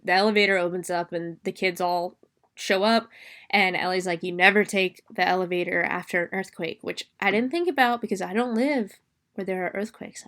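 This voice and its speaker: A woman's voice: mid-range voice, a bit bright. Swearing, rambling woman podcast host. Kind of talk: casual movie recap.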